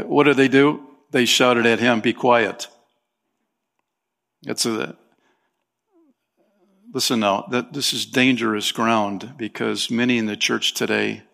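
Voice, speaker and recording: A man preaches a Sunday sermon as the church's pastor. He talks conversationally, dropping in fillers and restarts, and lifts his voice for emphasis. His voice sits at an ordinary middle pitch. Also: vocal fry, fairly bright tone.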